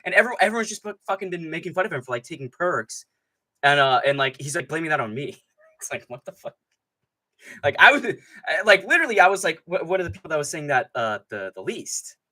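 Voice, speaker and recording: A man hosting a live fight-night stream, ranting in a rambling, profane, excitable way and often laughing mid-sentence. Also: a little high, a little fast. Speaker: MMA streamer host. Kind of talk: live stream commentary, casual rant.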